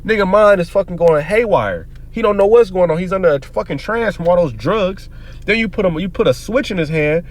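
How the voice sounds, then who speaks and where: A man's voice: high voice, animated, fairly quick. A man giving heated, profane, preacher-like commentary on the news, quoting scripture between rants. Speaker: commentary vlogger.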